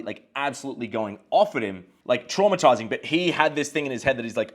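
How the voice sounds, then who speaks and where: A man's voice: mid-range voice, brisk, few pauses. A young man, a dating coach telling stories in a casual, slangy monologue with plenty of swearing. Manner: animated, swearing, slangy storyteller.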